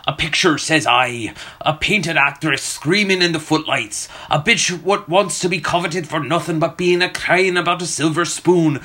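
A man putting on the voice of a gruff, scornful old lighthouse keeper in a salty old sailor's dialect, mocking and theatrical. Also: fairly high pitch, normal speed, hardly any pauses, sharp tone, voice pushed up. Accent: old-time sailor's dialect, put on.

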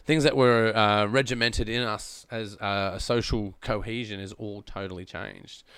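Animated man, podcast host. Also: lowish voice, moderate pace, clear, resonant tone, dry recording, clean studio sound. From Australia. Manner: animated, restarts phrases, says "man" often. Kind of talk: casual chat. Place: home studio full of screens. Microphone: studio microphone with headphones.

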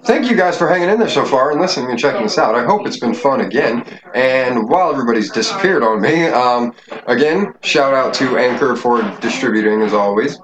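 A man's voice: medium pitch, lively intonation, fairly quick, a crowd in the background. A man hosting a casual home podcast, loose, joking and profane as he talks to his listeners. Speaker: podcast host. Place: home bedroom. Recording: echoey room, dull and noisy.

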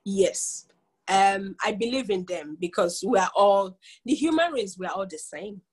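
A woman's voice: mid-range voice, lively intonation, unhurried, husky. A woman coach speaking as an interview guest, earnest and motivational. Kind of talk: casual interview chat.

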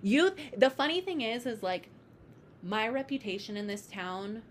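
A woman's voice: on the high side, animated, a little slow. A young woman in casual, candid chat, talking freely with lots of "like" and swearing. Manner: chatty, heavy on "like", swears freely. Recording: faint background noise.

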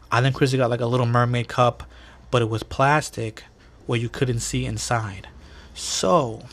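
A man's voice: mid-range voice, a bit bright. A man in his thirties hosting a podcast, telling loose stories about his childhood and his mom, swearing often and calling the listener bro and dude. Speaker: podcast host. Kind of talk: casual storytelling monologue.

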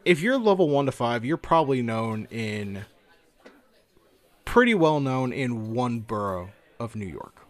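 A man's voice: mid-range voice, very animated, measured pace. A man co-hosting a podcast, explaining things in a casual, loose way and swearing now and then. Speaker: podcast co-host. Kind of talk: casual chat about tabletop games.

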